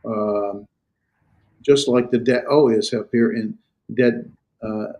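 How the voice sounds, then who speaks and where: Man lecturing with halting fillers. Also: fairly low pitch, steady tone, warm tone. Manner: explanatory, halting with fillers and restarts. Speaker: Greek instructor. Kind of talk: classroom lecture. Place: classroom.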